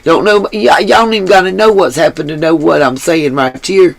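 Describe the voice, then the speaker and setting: Using a headset mic, a woman hosts her own live stream and delivers an angry, profanity-filled rant directly at her chat. Her lowish voice is brisk with vocal fry, and she barely pauses. The recording is dry and rough.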